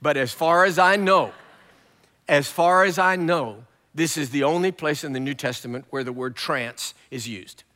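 A man preaching a sermon as a guest preacher, telling the story in a lively way with humor. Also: a little high, moderate pace, in a large hall.

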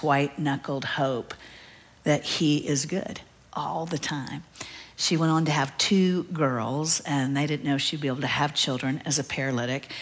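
A middle-aged woman preaches from the pulpit, telling a story. Her voice sits low, and she tells it with animated energy. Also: husky. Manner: animated storyteller, acts out children's cries. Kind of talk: sermon storytelling.

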